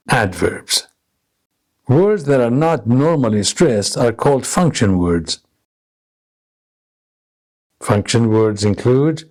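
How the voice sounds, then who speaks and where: Slow, deliberate male lesson narrator. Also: medium pitch, a little mellow. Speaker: English teacher.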